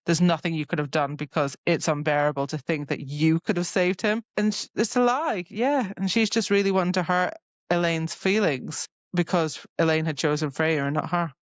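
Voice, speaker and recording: A woman's voice: sits low, fairly even intonation, moderate pace, no room sound. Woman podcast co-host on a slightly muffled, dry mic; recaps scenes in loose, filler-filled chat. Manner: retells scenes with many "like"s, quoting characters. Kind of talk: casual book discussion.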